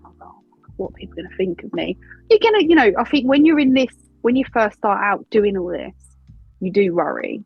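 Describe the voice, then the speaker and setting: Husky Essex woman chatting candidly. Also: medium pitch, no echo, lo-fi sound. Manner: chatty, candid, laughs easily. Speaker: wrestling announcer and interviewer. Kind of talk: casual interview answers.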